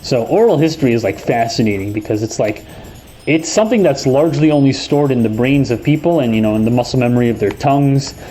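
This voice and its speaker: A young man from New York talks at a home desk mic, voice of ordinary middle pitch. He rambles, backtracks and drops curses mid-thought. A faint room hum sits underneath. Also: lively intonation, fast talker, warm tone, low-quality recording. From New York, USA. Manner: rambling, profane, self-correcting. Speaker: host. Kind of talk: casual gaming chat. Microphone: desk microphone.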